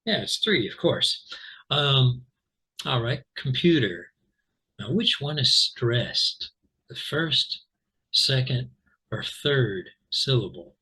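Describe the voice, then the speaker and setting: A man with an American accent from Central California, teaching English pronunciation in a relaxed, chatty way, full of ums and repeating words slowly as examples. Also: mid-range voice, husky, poor audio. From Central California, USA. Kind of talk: explaining pronunciation to learners.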